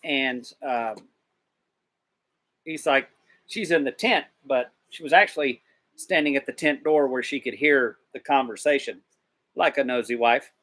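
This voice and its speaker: Man, medium pitch, rambling, slangy scripture paraphrase, casual roundtable talk. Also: measured pace, pauses often, a bit bright. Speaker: discussion participant. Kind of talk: casual Bible discussion.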